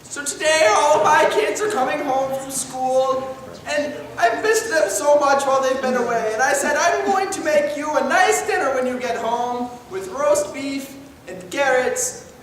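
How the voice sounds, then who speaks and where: A man in falsetto as a fussy doting mother. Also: unhurried, few pauses, fairly bright tone. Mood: earnest. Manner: high falsetto, dramatic and earnest. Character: doting, fussy middle-aged mother obsessed with potatoes. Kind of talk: improv comedy character. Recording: echoey room from far off, live stage.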